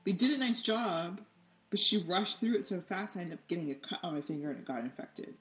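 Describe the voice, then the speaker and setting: A woman's voice: lowish voice, brisk, pushed and bright. A woman artist chatting casually as she paints, rambling and losing her train of thought, laughing often, a little stuffy from allergies. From United States. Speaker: artist and channel host. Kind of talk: casual chat while painting. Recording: slightly dull, roomy, faint music.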